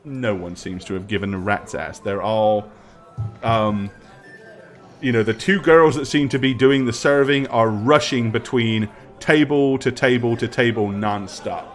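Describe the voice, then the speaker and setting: Serving as dungeon master in a tabletop game, a man with a mid-range voice narrates scenes in detail. His description is broken up by many pauses and ums.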